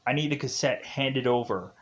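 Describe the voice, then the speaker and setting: A man's voice: medium pitch, fairly quick, natural voice. A man paraphrasing a pushy, scheming male police chief in his own casual voice.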